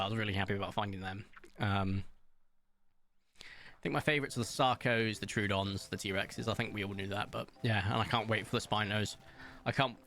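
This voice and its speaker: A man streaming a game, chatting casually, reading viewers' messages aloud and telling stories, with big playful jumps in pitch. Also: fairly bright tone. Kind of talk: casual chat while gaming, reading chat aloud.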